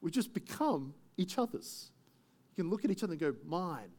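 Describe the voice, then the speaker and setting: A man's voice: high-pitched, sing-song, brisk, darkish tone. A man preaching a sermon in a conversational way, full of asides and rhetorical questions. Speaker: pastor.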